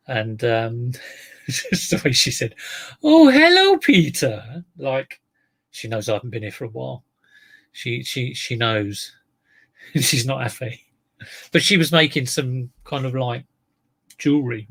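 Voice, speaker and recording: A man's voice: medium pitch, gravelly, fairly bright tone, breathy edge. A man talking unhurriedly to his live-stream viewers in a rambling, chatty way.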